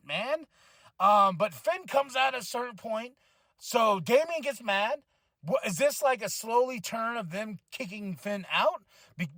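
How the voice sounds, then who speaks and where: Excitable high-voiced male podcast host. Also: no echo, studio quality. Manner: excitable, swears freely, laughs often. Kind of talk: casual wrestling show review.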